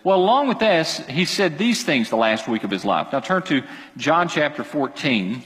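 A man preaching a sermon as pastor, animated and emphatic, with quick asides to his congregation. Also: fairly high pitch, in a large hall, rough recording.

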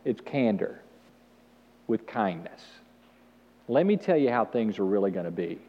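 A male pastor preaching an animated sermon with call-and-response to the congregation in a church. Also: on the low side, measured pace. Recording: dull sound with long hall reverb.

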